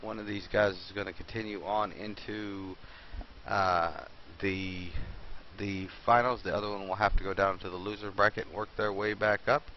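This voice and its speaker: Man, very deep voice, esports host, live game commentary, laid-back, dull lo-fi audio. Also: fairly even intonation, moderate pace. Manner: laid-back, laughs easily. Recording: dull lo-fi stream audio with faint hiss.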